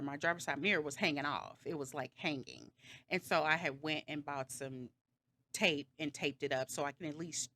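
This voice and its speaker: Woman vlogger rambling thru a storytime, kinda low voice, backtracks a lot, little sarcastic. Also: bright, forceful tone. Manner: rambling, backtracks often, many fillers; sarcastic, slightly dramatic retelling. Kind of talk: casual storytime monologue.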